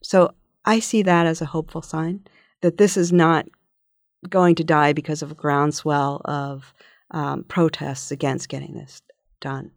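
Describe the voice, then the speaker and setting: A woman as a policy researcher guest in a podcast interview, answering in a measured, thoughtful way with frequent fillers and restarts. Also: sits low, level tone, dry recording, studio quality.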